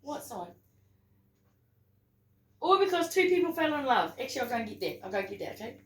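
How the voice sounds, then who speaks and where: A woman's voice: sits high, sing-song, a little fast, a bit bright, recorded from a distance. A woman with a New Zealand accent chatting casually with family, teasing and jumping in with her own side of the stories. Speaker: adult daughter. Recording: echoey room, a bit off-mic.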